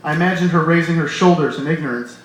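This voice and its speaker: A man reading his own novel aloud at a live reading, in measured, quiet first-person narration. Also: on the high side. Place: bar hosting a reading series. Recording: echoey bar room with light noise. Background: faint bar ambience.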